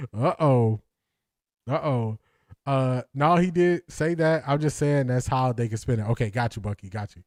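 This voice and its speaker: A man's voice: medium pitch, a little slow, long pauses, darkish tone, no echo, clean studio sound. Laughing slangy male stream host. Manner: laughs often, repeats phrases, slangy and playful. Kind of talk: casual live-stream chat reading comments.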